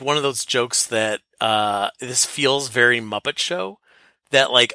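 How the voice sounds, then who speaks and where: A man's voice: mid-range voice, sharp tone, dry recording, studio quality. A man co-hosting a casual podcast chat, enthusiastic, with many false starts. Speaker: podcast co-host.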